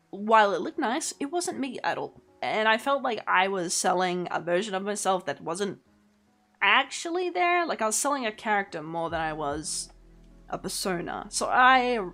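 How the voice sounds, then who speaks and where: A woman's voice: medium pitch, a bit bright. Giggly, rambling young woman streamer. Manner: rambling, laughs often, swears casually. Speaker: VTuber streamer. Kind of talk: casual livestream chat.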